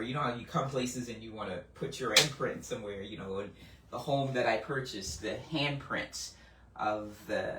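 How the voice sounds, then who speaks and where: A woman giving a conversational Bible teaching, animated and full of restarts as she works through a passage. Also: very deep voice, a little hiss or hum. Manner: animated, acts out quoted voices, frequent restarts. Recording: roomy, mic at a distance.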